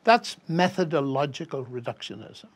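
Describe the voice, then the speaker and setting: An older man with a Northern Irish accent, telling an animated story as a professor guest in a conversation. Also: on the high side, normal speed, breathy edge. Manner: lively anecdote-telling with acted quotes, chuckling.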